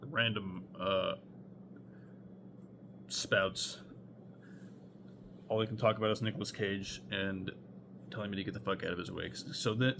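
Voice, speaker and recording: Young guy w a lowish voice rambling thru a crazy story, lots of likes, faint hum behind. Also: fairly bright tone. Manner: rambling, heavy on fillers and swearing. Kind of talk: casual storytime monologue.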